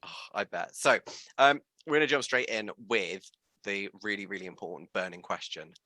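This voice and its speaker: A man hosting an interview, gushing and animated, with many fillers. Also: fairly low pitch, moderate pace, no room sound. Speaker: interview host. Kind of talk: enthusiastic casual interview.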